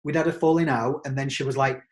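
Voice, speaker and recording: A man's voice: mid-range voice, steady tone, fast talker. A man from England with an English accent hosting a podcast, talking in an enthusiastic, rambling way. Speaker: podcast host. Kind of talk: casual chat.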